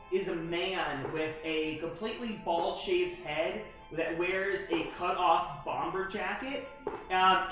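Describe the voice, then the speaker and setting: Game master, man, bright voice, stop-start narration, echoey room with music under it. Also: high-pitched. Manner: halting, full of fillers and restarts. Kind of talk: narrating a tabletop horror game.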